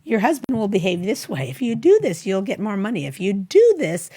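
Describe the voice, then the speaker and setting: Husky woman giving chatty marriage advice. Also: mid-range voice, big pitch swings, brisk, mellow. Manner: rambling, acts out little quoted dialogues. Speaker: talk show host giving marriage advice. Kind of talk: casual advice chat.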